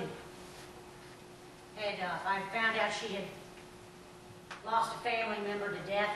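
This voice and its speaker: A woman pastor preaching a sermon, telling folksy stories and breaking into animated shouts. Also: mid-range voice, background noise. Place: church sanctuary. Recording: echoey church from far off.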